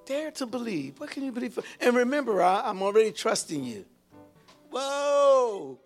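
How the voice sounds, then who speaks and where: High-voiced exclaiming older preacher. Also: male voice, normal speed, soft background music. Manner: exclamatory, calls out to the congregation; lively, animated preaching with sudden shouts. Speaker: pastor. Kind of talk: sermon.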